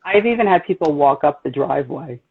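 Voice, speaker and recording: A woman's voice: deep voice, expressive, a little fast, vocal fry, slightly rough. A woman from New Jersey with a Jersey accent, a psychic medium hosting a casual livestream, talking bluntly and telling stories with animation. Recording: tinny phone-like line.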